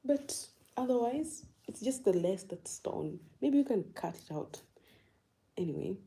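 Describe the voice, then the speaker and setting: Woman, young adult, from Uganda, livestream chat, slow unhurried talk, very dark mellow voice, laughs often, answers viewer comments. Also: medium pitch, animated, creaky, poor audio. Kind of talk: casual live-stream chat.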